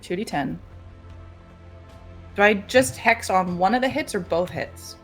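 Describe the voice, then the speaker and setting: A woman's voice: medium pitch, a little slow, soft background music. Chatty woman playing a tabletop game. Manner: chatty, describes her actions with many fillers. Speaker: player. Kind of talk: casual tabletop game play.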